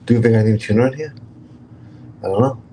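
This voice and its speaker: A man's voice: medium pitch, quick pace, mellow, poor audio. A man with a strong New York accent, hosting a casual livestream chat, brash and profane as he jokes with his viewers. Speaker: livestream host.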